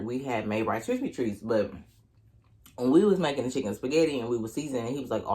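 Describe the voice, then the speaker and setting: A young man with an Oklahoma accent tells a storytime to camera while eating. His delivery is casual, slangy and full of profanity. It jumps in pitch whenever he acts out his irritation. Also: a little mellow. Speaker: vlogger. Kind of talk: storytime mukbang.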